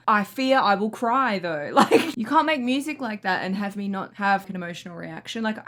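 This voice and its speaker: A young woman hosting a music reaction video, excitable and gushing, often breaking into laughter. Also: a little high, moderate pace, hardly any pauses. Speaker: music reaction channel host. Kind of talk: casual reaction commentary.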